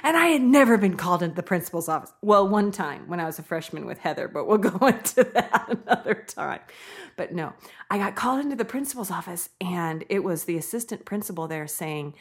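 A woman's voice: fairly low pitch, expressive, fairly quick. A woman hosting a podcast in a casual, chatty monologue, laughing often as she talks. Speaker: podcast host.

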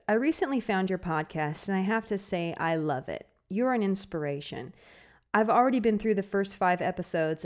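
A woman hosting a podcast who chats casually, laughs often mid-sentence and reads listener emails aloud. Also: on the low side. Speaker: podcast host.

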